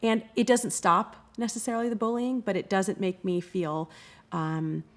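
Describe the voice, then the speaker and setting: A woman who runs anti-bullying workshops, answering interview questions in an expressive way and often acting out quoted voices. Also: mid-range voice, moderate pace. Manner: expressive, acts out quoted kids and parents.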